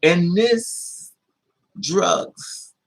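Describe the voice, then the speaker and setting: A man's voice: high-pitched, extremely slow, rough recording. A man hosting a livestream tells a personal story to his viewers, casual, blunt and profane, with a lot of feeling in it. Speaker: livestream host.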